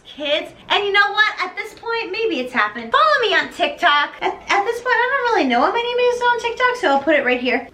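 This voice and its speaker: A woman's voice: high voice, sharp tone, slight background noise. Tipsy, giggly young woman vlogger. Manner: chatty, giggly, acts out characters in put-on voices. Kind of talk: tipsy comedic plot recap.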